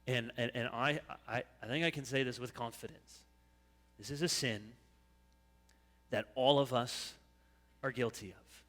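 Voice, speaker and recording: A man preaching a sermon as pastor, animated, dropping into high whiny voices to mimic complainers. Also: measured pace, long pauses. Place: church sanctuary. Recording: long church hall reverb.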